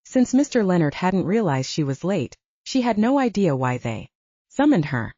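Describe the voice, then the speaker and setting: A woman narrating a scripted audiobook with expressive storytelling, in a slightly muffled lo-fi recording. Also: on the low side, normal speed, no room sound.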